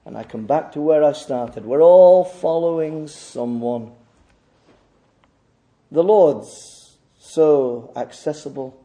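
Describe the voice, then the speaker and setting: A man's voice: a little high, takes it slowly, warm tone. A male preacher delivering a sermon, pressing his listeners with rhetorical questions and emphatic repetition.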